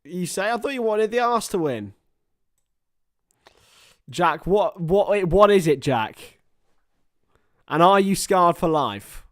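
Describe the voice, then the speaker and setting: Excitable man commentating a stream. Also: high voice, slow pace, pauses often. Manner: excitable, joking, sweary, reads out viewer chat. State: tired after a long stream. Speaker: livestream host commentating a football match. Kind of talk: casual live watchalong commentary.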